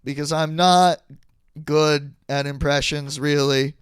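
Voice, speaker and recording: Slow-talking man with a clear, dry voice. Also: on the high side, fairly even intonation, no echo. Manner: rambling, goes off into long tangents with bursts of silly impressions. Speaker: podcast co-host. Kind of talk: casual comedic banter.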